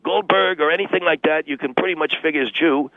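A man's voice: a little high, fast talker, creaky, dry recording. A man voicing a blunt, bigoted male sensitivity trainer with a New York accent, defensive and insulting as he argues. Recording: dry tinny phone-like sound.

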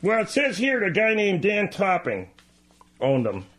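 A dopey, whiny radio sidekick, as a man puts him on, his voice pitched high and swinging up and down. He sounds defensive and a bit slow on the uptake. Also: huge pitch swings, a bit bright, heavily acted. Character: dim-witted, whiny adult male show sidekick.

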